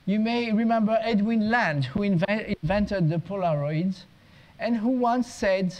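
A man's voice: high voice, measured pace, darkish tone, muffled recording. A man, an education consultant, giving a conference talk, telling humorous anecdotes with small restarts along the way. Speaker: guest speaker, education consultant.

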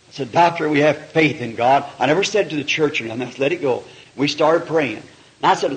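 Middle-aged male preacher, fairly high voice, folksy and heartfelt, testimony sermon. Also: fairly quick, rough recording. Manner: emotional storytelling with folksy phrasing.

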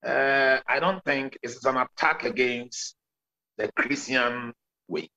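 Ghanaian pastor guy on a zoom call, sharp bright voice, numbering his points like a sermon. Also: medium pitch, slow pace, highs cut off. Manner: preaching explanation, counts points, mixes Twi and English. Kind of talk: interview guest answering by video call. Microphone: video call.

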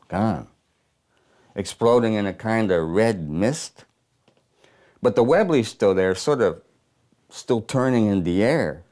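A man voicing an old soldier, haunted, bitter, coarse and profane, low voice, stage monologue. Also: a little mellow. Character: grizzled old working-class male war veteran, bitter and haunted. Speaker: stage performer in a one-man play. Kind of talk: theatrical monologue.

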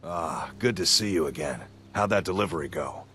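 An actor playing a gruff, businesslike male quest giver in a video game, with a clipped delivery. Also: sits low, animated, moderate pace, bright, forceful tone, a little hiss or hum. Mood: pleased.

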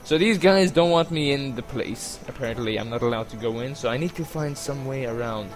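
A man giving casual, rambling gameplay commentary, joking along and bursting into panicked yelling now and then. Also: mid-range voice, fairly quick, faint music behind.

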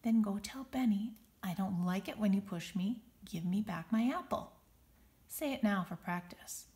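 A woman's voice: medium pitch, darkish tone, close to an everyday voice. A woman voicing a soothing butterfly teacher. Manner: slow, firm and soothing. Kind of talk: storybook read-aloud.

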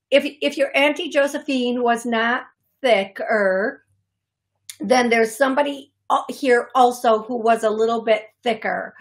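A woman hosting a call-in radio show as a psychic medium, talking in a rambling, self-deprecating way and laughing often. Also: fairly high pitch. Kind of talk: casual radio call-in talk. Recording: radio studio broadcast.

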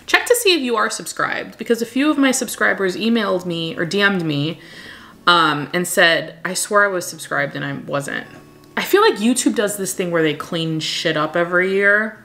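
Chatty woman with a vocal fry. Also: medium pitch, expressive, moderate pace, sharp tone. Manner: chatty and candid, laughs often. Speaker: plant vlogger and wedding photographer. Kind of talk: casual Q&A vlog chat.

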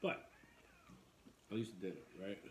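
A man chatting casually and playfully at home, his voice rough from recovering from being sick. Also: deep voice, animated, normal speed, echoey room, a little hiss or hum. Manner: playful, jokey, sings goofy song bits. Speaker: vlog host. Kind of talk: casual chat.

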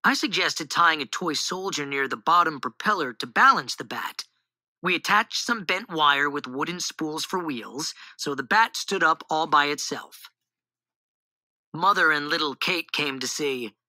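Low, animated woman reading a storybook. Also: measured pace, no echo, rough recording. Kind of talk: storybook read-aloud.

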